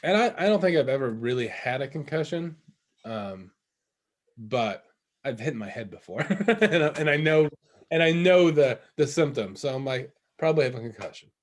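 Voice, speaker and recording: A man's voice: medium pitch, expressive, moderate pace. A young man casually telling a long story on a podcast, rambling with lots of fillers and restarts. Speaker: podcast co-host. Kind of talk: casual chat.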